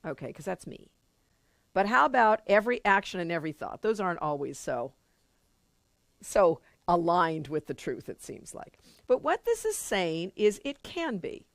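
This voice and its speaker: A woman's voice: on the low side, very animated, normal speed, no room sound, studio quality. A middle-aged woman leading a spiritual study group in an earnest, conversational way, now and then acting out little quoted inner voices. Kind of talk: informal spiritual teaching to a live group.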